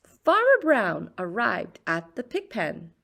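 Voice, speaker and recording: A woman reading a children's picture book aloud in a slow, expressive storyteller's voice. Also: mid-range voice, vocal fry.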